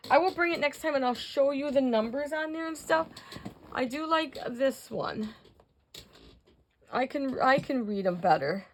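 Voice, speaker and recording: A woman's voice: sits high, lively intonation, unhurried, slight background noise. An older woman hosting a casual crafting tutorial, chatting to viewers as she works and counting out measurements.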